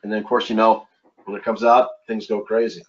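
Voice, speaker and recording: A middle-aged man from Philadelphia hosting a casual trading webinar, talking in a halting way with many repeated words and fillers. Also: lowish voice, level tone. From East Coast of the United States, Philadelphia. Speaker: webinar host and trading instructor. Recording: dull lo-fi online audio.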